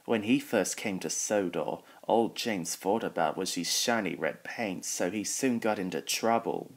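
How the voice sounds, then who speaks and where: A man reading a children's train story aloud, voicing all the characters in his own plain voice. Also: sits low. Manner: reads every character in his own voice, slow and even.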